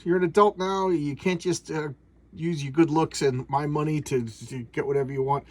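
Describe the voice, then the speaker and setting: A man's voice: a little high, steady tone, normal speed, darkish tone, dry recording, natural voice. A man voicing a stern wealthy father who lectures his lazy grown son. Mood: scolding. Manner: lecturing, exasperated.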